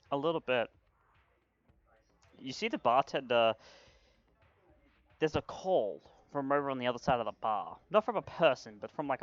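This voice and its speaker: A man's voice: mid-range voice, dry recording. Casual male game master, lo-fi. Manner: casual, with restarts and fillers. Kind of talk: narrating a tabletop role-playing game.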